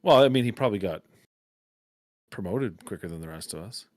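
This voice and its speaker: A man with a lowish voice tells wry anecdotes in casual stream chat, slipping into voices to quote people. His voice is dry and close to the mic with no room around it. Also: lively intonation, a little fast, no echo. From Canada. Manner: storytelling, wry, quoting others in voices. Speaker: stream co-host.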